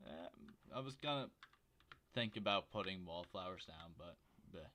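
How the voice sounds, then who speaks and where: A man with a fairly low voice streams a game from home, rambling and joking with his viewers. His quiet desk microphone picks up faint hiss and the clicks of his keyboard. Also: expressive, a little slow. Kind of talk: casual livestream commentary while gaming.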